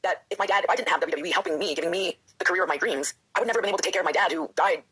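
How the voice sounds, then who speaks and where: A woman's voice: lowish voice, rapid-fire, fairly bright tone, husky. A woman, a professional wrestler and author, talking candidly and with feeling in an interview, often acting out her own inner voice.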